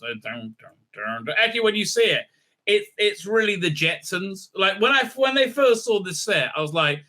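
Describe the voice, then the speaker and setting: A man's voice: on the high side, moderate pace, pushed and bright. A man hosting a casual film recap and review, irreverent and joking, full of "uh, uh" fillers and swearing. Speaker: film reviewer, channel host.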